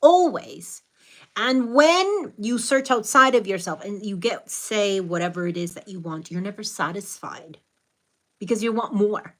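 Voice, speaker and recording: This middle-aged American woman talks a little slowly, her mid-range voice expressive and a bit bright, with a Hispanic Latin accent. Hosting a live stream, she names viewers as she greets them and offers earnest spiritual reflections.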